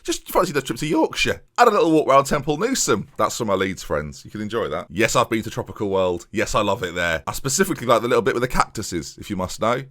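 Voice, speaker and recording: A man's voice: fairly low pitch, big pitch swings, fast, few pauses, fairly bright tone. A man chatting casually and with self-mockery as he plays a game and talks viewers through his moves, recorded at home. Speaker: gaming YouTuber.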